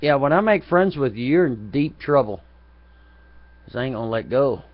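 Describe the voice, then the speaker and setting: A man's voice: medium pitch, animated, moderate pace, no echo. A man hosting a live chat broadcast, rambling in a profane, taunting and mocking way. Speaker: chat room moderator. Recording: dull lo-fi, dry.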